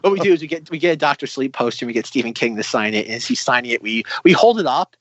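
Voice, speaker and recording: A man's voice: mid-range voice, animated, fairly bright tone, no room sound, lo-fi sound. A man co-hosting a podcast in casual chat, riffing on jokes. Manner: joking, quick riffing. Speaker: podcast co-host.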